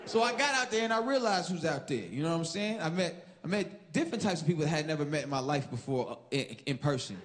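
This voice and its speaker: A man from Chicago doing a loud stand-up routine on a club stage, switching into acted-out voices. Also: fairly high pitch, animated, fast, few pauses. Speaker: stand-up comedian. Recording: loud crowd laughter and noise. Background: laughing crowd.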